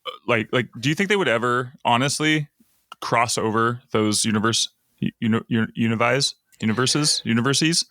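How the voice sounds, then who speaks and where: A man's voice: mid-range voice, moderate pace, sharp tone, no echo, studio quality. A man co-hosting a podcast in casual chat, often restarting his words and laughing along. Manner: stammering restarts, easy laughs, goofs along. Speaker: podcast co-host.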